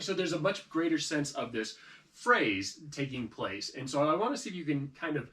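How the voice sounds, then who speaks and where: A man teaching a trombone lesson, explaining calmly and then scat-singing phrases loudly to demonstrate, with encouraging comments. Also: on the high side, normal speed. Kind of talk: music lesson coaching. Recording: distant mic with trombone playing.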